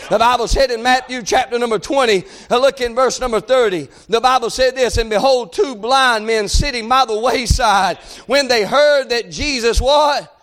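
A man preaching a fervent sermon, often shouting and calling out amen. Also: extremely high pitch, normal speed, hardly any pauses.

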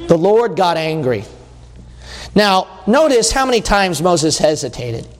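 A man's voice: sits high, very animated, unhurried, in a large hall. A man preaching a sermon, reading scripture aloud and asking his listeners questions in a conversational way.

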